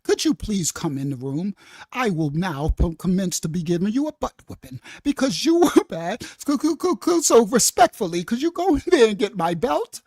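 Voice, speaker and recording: A man's voice: high voice, sing-song, normal speed, darkish tone, no echo, studio quality, pitched below the performer's own voice, heavily acted. A man putting on an overly polite, prim elderly grandmother in a mock-proper, courteous voice.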